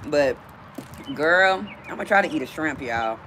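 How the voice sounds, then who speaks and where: A woman's voice: deep voice, lively intonation, normal speed, fairly bright tone, slight background noise. A woman hosting a casual livestream from outdoors, chatting directly with her viewers. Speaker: livestream host.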